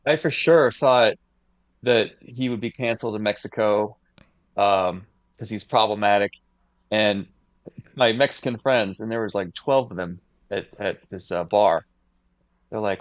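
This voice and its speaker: An American podcast co-host with a lowish voice tells a long anecdote at a measured pace, rambling casually with many fillers. The audio is dull, lo-fi and dry, with no echo.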